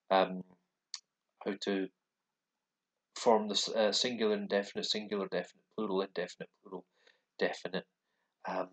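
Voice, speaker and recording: A man with a somewhat low voice talks through a lesson in a casual, explanatory way. He sounds relaxed and thinks aloud, pausing often between phrases. He is at a computer in a dark room. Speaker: language learner recording his lessons.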